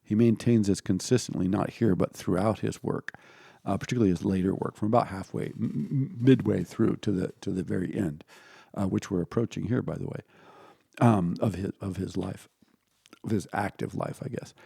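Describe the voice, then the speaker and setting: A man's voice: low voice, normal speed, creaky, mellow, husky, dry recording, clean studio sound. A man giving an informal spoken philosophy lecture, digressive and self-correcting, now and then acting out the voices he quotes.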